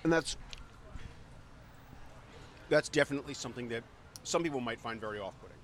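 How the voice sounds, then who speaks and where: A man's voice: mid-range voice, fairly quick, fairly bright tone, a little hiss or hum. A man co-hosting a casual food podcast, eating pizza as he talks and explaining things with many ums and restarts. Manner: hesitant, filler-heavy, thoughtful, talks while eating. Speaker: podcast co-host.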